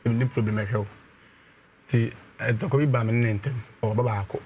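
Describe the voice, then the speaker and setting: A man calling in to tell a personal problem, speaking in a slow, halting way. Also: mid-range voice, steady tone, darkish tone, lo-fi sound, a little hiss or hum. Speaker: caller.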